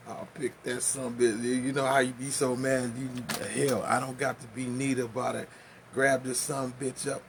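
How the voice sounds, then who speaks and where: A man telling a profane, animated story in casual talk, with laughs and spoken sound effects. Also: mid-range voice, moderate pace, noisy background.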